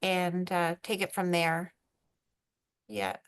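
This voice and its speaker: Canadian woman, lowish voice, casual rambly guest on a team call. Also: lively intonation, slow pace, clean tone. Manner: rambling, filler-heavy, self-described introverted. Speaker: guest brand ambassador.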